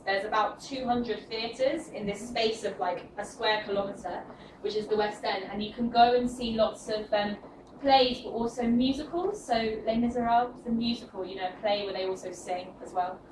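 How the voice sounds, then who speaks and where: A young British woman with a British English accent giving a chatty, upbeat classroom presentation to students and laughing easily. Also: mid-range voice. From United Kingdom. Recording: roomy, distant, noisy room.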